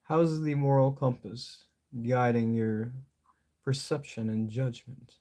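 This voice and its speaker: A man's voice: medium pitch, takes it slowly, warm tone. A young man talking loosely while painting on a live stream, joking to himself and his chat and swearing freely. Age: young adult.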